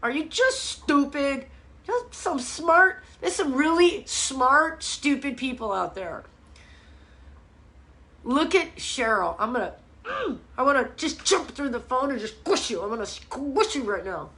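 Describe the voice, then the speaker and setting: A middle-aged woman fitness coach chatting on a live stream, blunt and animated, cursing freely. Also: sits high, measured pace. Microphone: phone or webcam mic.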